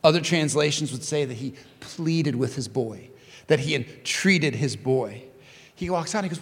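A high, bright male voice delivers a sermon in a lively, talky way, repeating phrases for effect. There is a gravelly rasp to it. The sound carries a long reverb from a big sanctuary. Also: moderate pace. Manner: animated, conversational, repeats phrases. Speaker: pastor.

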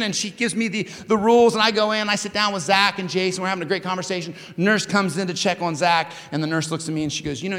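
A man preaching a sermon in a conversational, animated way, often repeating his phrases. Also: high voice, in a large hall. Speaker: pastor.

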